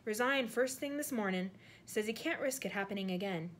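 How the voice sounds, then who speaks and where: A woman's voice: on the high side, brisk, a little hiss or hum, lightly acted. A woman voicing a huge, jovial male groundskeeper with a hearty, chatty manner. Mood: hushed.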